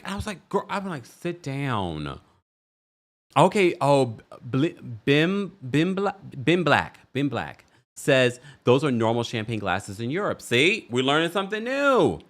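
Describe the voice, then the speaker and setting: A man's voice: fairly high pitch, lively intonation, moderate pace. A man hosting a livestream who chats and gossips about a reality show, reads viewer comments aloud and laughs often. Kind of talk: casual reality TV recap commentary.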